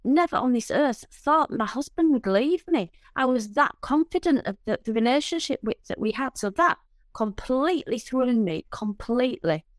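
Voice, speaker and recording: A woman in a coaching session, speaking about her worries in a halting, emotional, self-doubting way. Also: high-pitched, lively intonation, no echo. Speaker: coaching client. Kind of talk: personal talk in a coaching session.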